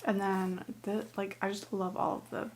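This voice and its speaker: A young woman chatting casually as a book vlogger, gushing and filling her talk with "like", sometimes dropping to a soft near-whisper. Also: medium pitch, level tone, moderate pace, background noise. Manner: gushing, chatty, many "like" fillers. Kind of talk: casual chat.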